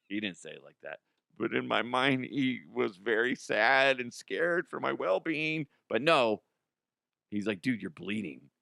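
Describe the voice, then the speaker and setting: A man's voice: mid-range voice, lively intonation, a little slow, gravelly, pushed and bright, no echo, studio quality. A middle-aged man hosting a comedy sports news show, telling a self-deprecating story in a loose, casual way, laughing often and swearing freely. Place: studio.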